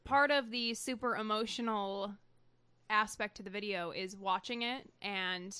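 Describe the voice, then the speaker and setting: A woman's voice: medium pitch, a little slow, sharp tone, smooth, no echo. A woman co-hosting a casual podcast, talking earnestly and reading news stories aloud. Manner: emotional, earnest. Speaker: podcast co-host.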